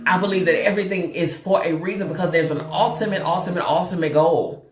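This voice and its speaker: A woman's voice: on the low side, fast. Give me a woman hosting a casual motivational talk, laughing and asking the audience if they follow, in a roomy space. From Chicago, USA. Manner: laughing often, repeating phrases, addressing viewers directly. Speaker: host.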